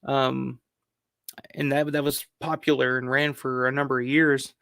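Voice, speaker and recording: Man, casual rambling film talk, gravelly voice, dry close sound. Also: medium pitch, flat delivery, unhurried, fairly bright tone, dry recording. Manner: rambling, filler-heavy, swears casually. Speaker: film review channel host. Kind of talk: casual countdown commentary.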